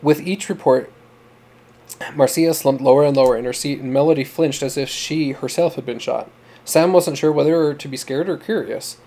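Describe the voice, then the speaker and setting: A man narrating a story in a steady, measured reading for an audiobook podcast. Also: fairly high pitch.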